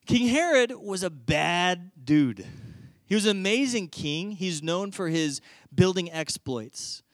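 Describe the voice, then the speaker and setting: High-voiced man preaching, storytelling style. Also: slow, no room sound. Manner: animated storytelling, conversational. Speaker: pastor. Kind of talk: sermon.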